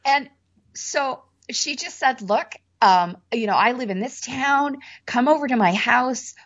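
A woman telling a story as an interview guest, animated and acting out what people said. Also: sits high, a little slow, dull audio. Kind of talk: casual storytelling.

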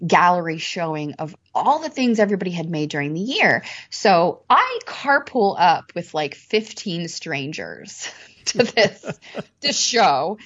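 Lively woman telling a story, muffled sound. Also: lowish voice. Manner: animated, acts out what people said. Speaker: interview guest. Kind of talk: casual storytelling.

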